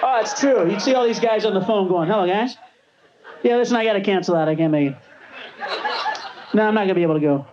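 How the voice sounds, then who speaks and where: High-voiced man doing ranting stand-up. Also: quick pace, long pauses. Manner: breaks into screaming rants. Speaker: stand-up comedian. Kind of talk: stand-up routine. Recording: dull lo-fi 1980s TV tape with loud crowd and hiss. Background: audience laughter.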